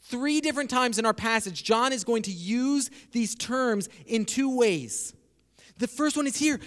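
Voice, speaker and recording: A man with a rather high voice delivers a sermon from a church sanctuary. He teaches through the passage step by step and drops to a slower pace on the words he wants to land. His voice carries a long reverb from the large room. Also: lively intonation, a bit bright. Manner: expository preaching, slows down for emphasis. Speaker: pastor.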